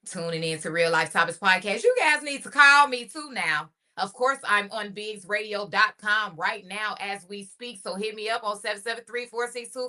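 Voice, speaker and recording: A woman's voice: on the low side, pushed and bright. A woman hosting a radio podcast in casual solo talk, heartfelt and chatty, often repeating her phrases.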